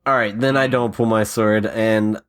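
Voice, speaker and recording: A man's voice: lowish voice, fairly even intonation, normal speed. A man playing a tabletop role-playing game, joking and wry. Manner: joking, wry in-character asides. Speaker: player.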